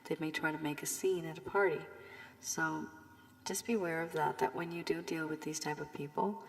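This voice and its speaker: Low, gravelly woman with a cold-strained voice. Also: level tone, normal speed, in a large hall. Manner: loose and rambling with many fillers, warning and advising. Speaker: tarot reader. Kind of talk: casual tarot reading monologue.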